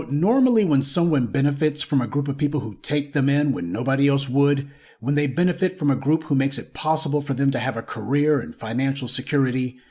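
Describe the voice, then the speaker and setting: A man's voice: mid-range voice, darkish tone. A man with a Southern American accent delivering a scornful, emphatic opinion monologue as a live-stream commentator. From Southern United States.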